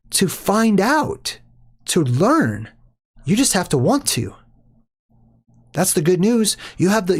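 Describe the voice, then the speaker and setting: A man's voice: a little high, a little mellow. A man, a father, hosting a movie commentary in a rambling monologue, lecturing his viewers in a preachy way. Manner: preachy and lecturing, with many fillers and restarts.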